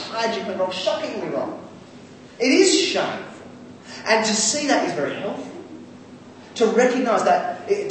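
A man preaching a sermon, animated and lively, acting out quoted voices, with many fillers and restarts. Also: a little high, background noise. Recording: echoey hall, far from the mic.

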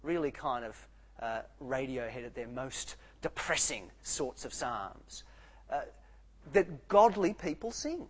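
A man preaching a sermon, swinging between soft, quiet lines and loud, animated outbursts. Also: mid-range voice, slow pace, husky, rough recording.

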